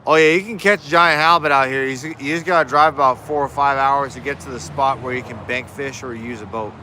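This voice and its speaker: Male livestream host, crisp bright tone, loose chatty delivery answering chat outdoors. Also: mid-range voice, fairly even intonation, brisk, slight background noise. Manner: rambling, frequent restarts, answers chat. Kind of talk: casual live Q&A chat. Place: outdoors in his yard.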